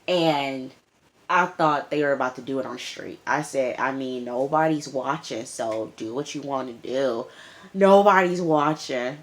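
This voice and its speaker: A young woman recapping a TV episode in casual chat, animated and emphatic, repeating lines for effect. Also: low-pitched. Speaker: TV show reviewer.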